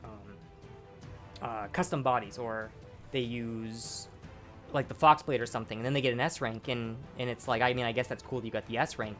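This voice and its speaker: A man's voice: medium pitch, fairly even intonation, brisk, fairly bright tone, soft background music. A young man giving casual gameplay commentary, tipsy and rambling with many restarts and fillers, on a bad clipping microphone. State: tipsy, burping. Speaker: gaming channel host. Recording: lo-fi clipping mic.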